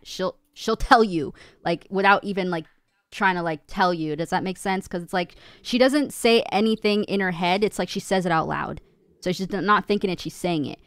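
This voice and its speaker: A woman's voice: fairly low pitch, brisk, fairly bright tone, smooth, dry recording. A woman co-hosting a gaming stream in casual chat, talking loosely with lots of fillers and acting out family quotes. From from an Italian immigrant family. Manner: chatty, many "like" fillers, acts out family quotes.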